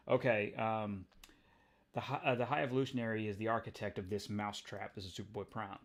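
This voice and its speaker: A man hosting a casual comic book review, excitable and rambling as he nerds out. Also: lowish voice, moderate pace. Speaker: comics video host.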